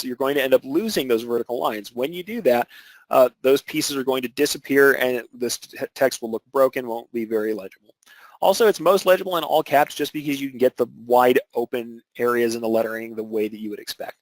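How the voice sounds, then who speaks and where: A man's voice: medium pitch, dry recording, poor audio. A man teaching an embroidery webinar, explaining technique step by step with filler words and restarts. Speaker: embroidery instructor.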